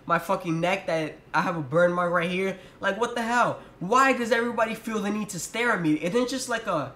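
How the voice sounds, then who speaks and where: A man's voice: sits high, a little fast, pushed and bright. A young man telling a storytime vlog in a profane, exasperated rant. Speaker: vlogger. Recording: roomy echo.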